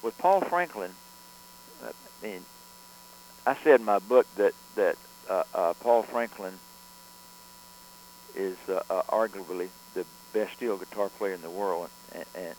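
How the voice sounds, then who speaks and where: A male record producer speaking in a somewhat low voice, telling long studio anecdotes. He rambles, circles back and restarts his sentences often, with a faint hum under the recording. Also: a little slow, long pauses, a little mellow, poor audio. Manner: rambling, with frequent restarts and fillers. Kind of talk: conversational storytelling interview.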